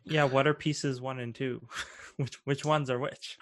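A man's voice: medium pitch, fairly even intonation, unhurried, no room sound. A man playing a tabletop game, chatting casually and hesitantly, restarting words as he thinks. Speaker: player.

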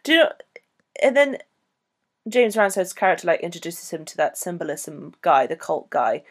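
A woman co-hosting a podcast, talking casually about a film in a rambling, animated way. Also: on the low side, normal speed. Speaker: podcast co-host.

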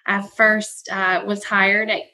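A woman from Alabama, a guest on a podcast, answers in a composed, measured way. Her voice is strikingly bright and forward. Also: mid-range voice, little pitch movement, rough recording. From Mobile, Alabama. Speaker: podcast guest, university staff. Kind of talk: interview answers.

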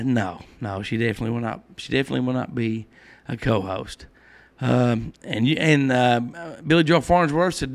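A middle-aged man hosting a casual podcast, telling rambling stories and laughing at his own jokes. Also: mid-range voice. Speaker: podcast host. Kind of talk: casual chat.

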